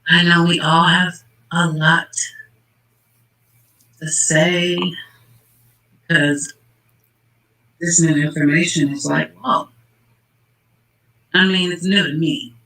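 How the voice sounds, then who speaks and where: A man talks through a true-crime case in casual commentary. His voice sits high and sounds bright and forceful. He gets worked up and emphatic, speaking straight to the people involved. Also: level tone, slow pace, long pauses, rough recording. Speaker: channel host.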